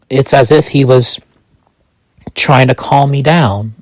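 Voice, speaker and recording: Slow, halting man telling a story. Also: medium pitch, no echo. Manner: halting, with many restarts and pauses. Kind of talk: first-person narration of a fictional story.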